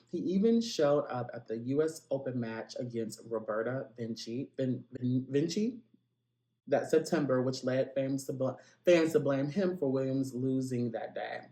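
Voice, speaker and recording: A man's voice: mid-range voice, a little mellow, echoey room. A man hosting a celebrity gossip podcast, chatty and playful, with lots of asides and direct calls to his listeners. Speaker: podcast host.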